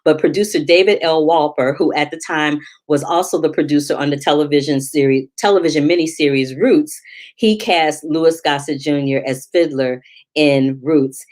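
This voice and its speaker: Low-voiced chatty woman film critic. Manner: chatty and animated, quick asides and laughter. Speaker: film critic and show host. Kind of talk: casual movie review vlog.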